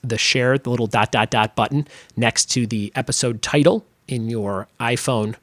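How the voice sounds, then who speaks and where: A man in the middle pitch range talks through his podcast's closing promotions in a chatty, upbeat way. The sound is dry and close, with no room around the voice. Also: moderate pace, fairly bright tone, dry recording. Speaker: podcast host.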